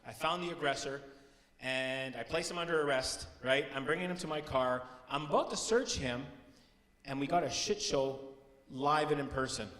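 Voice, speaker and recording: A middle-aged man from Canada with a Canadian accent, doing animated stand-up storytelling on stage and jumping into high, shouted bits. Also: moderate pace. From Timmins, Ontario, Canada. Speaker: stand-up comedian. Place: stage in a large hall. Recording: roomy hall with long reverb.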